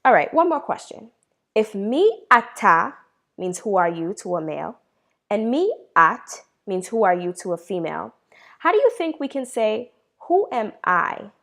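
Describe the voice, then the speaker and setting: A woman teaching a beginner Hebrew lesson, asking questions, pausing, then answering them herself with praise and slowing down to model each word. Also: medium pitch, sing-song, gravelly, a bit bright. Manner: slows down to model words.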